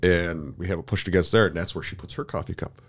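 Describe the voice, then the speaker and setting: Here a podcast co-host with a low voice talks quickly. The conversation is loose and casual, and he rambles with plenty of fillers and false starts.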